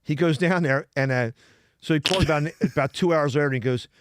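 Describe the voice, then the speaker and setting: A man's voice: on the high side, brisk, background noise. A man telling rambling comic stories as a podcast guest, laughing often and restarting his sentences. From Philadelphia.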